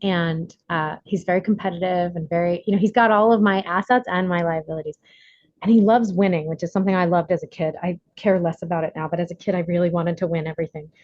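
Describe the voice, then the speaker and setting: A woman's voice: lowish voice, steady tone, quick pace, darkish tone, no echo. Chatty woman on a muffled video call. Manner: chatty, laughs often, many fillers. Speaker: workshop leader. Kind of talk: casual recovery workshop talk.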